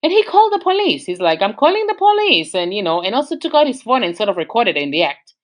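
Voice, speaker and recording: Speaking fast, a woman with an Australian accent recounts her own relationship story, lively and laid-back, leaping in pitch to stress points.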